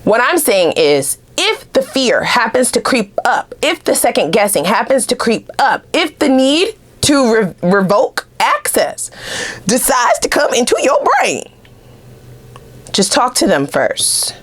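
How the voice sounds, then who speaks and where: A woman giving a casual tarot reading to her viewers, animated and blunt, swearing freely and laughing often. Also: on the high side, unhurried. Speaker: tarot reader.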